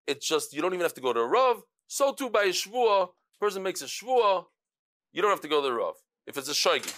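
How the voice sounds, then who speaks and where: A man teaching a Talmud class, who acts out the people he quotes and uses terms. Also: fairly high pitch. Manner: animated, acts out quoted speakers, mixes Hebrew and Yiddish terms.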